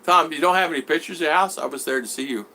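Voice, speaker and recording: Bright-voiced man chatting on a livestream. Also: on the high side, racing. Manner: reads viewer comments aloud and answers them; rambling with many restarts and repeated words. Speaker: vlogger reading live chat. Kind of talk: casual livestream chat.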